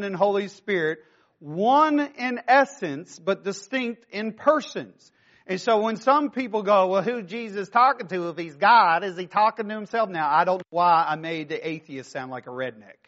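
Guy preaching a sermon, higher voice, keeps asking the crowd stuff, kinda dull lo-fi sound. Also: fairly bright tone. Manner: conversational preaching with rhetorical questions. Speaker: pastor.

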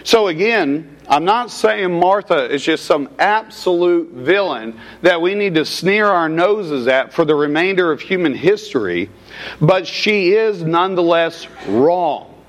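A man's voice: a little high, lively intonation, a little slow. A man preaching an expository sermon, asking rhetorical questions and addressing the congregation as folks. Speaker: pastor.

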